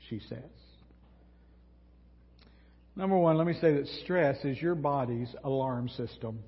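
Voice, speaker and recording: Slow, husky-voiced male pastor preaching. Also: mid-range voice. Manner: folksy, humorous preaching with props. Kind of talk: sermon. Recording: echoey hall, dull lo-fi sound.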